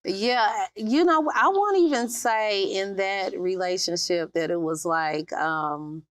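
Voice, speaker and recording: A woman's voice: medium pitch, slow, no echo, studio quality. A woman in her fifties, a guest author, telling her life story in a candid, plain-spoken way with laughs between thoughts.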